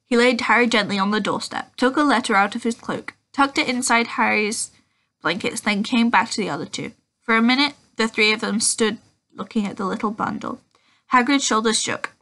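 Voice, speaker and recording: A woman's voice: on the high side, a little fast, fairly bright tone. A woman reading a children's book aloud, often stumbling and correcting herself. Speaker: audiobook reader.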